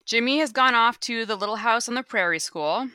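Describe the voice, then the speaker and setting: A woman's voice: a little high, a little fast, sharp tone, clear, resonant tone, dry recording, clean studio sound. A woman recapping a movie in casual chat, sarcastic and profane, with wry asides.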